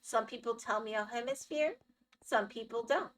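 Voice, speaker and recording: A woman's voice: on the high side, normal speed, far from the mic. A woman streamer chatting casually with her chat while playing a game, thinking aloud as she goes.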